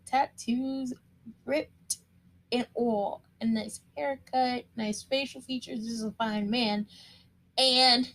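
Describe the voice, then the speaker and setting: A woman's voice: fairly high pitch, steady tone, slow pace, fairly bright tone. A woman giving a casual, opinionated recap of a TV episode, chatty and emphatic, repeating words for stress. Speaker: TV show recap commentator.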